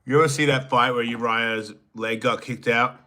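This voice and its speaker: Bright-toned joking male podcast host. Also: medium pitch, steady tone, moderate pace. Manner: crude joking banter, trailing into mumbles. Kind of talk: solo livestream reading and answering viewer chats.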